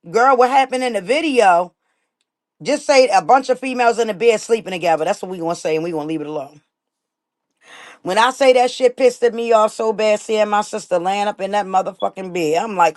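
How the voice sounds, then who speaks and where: A woman's voice: medium pitch, moderate pace, no room sound, studio quality. Blunt, profane woman ranting on a live stream. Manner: blunt, profane, emphatic repetition. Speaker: livestream host. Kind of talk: casual livestream rant. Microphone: laptop mic on a live stream.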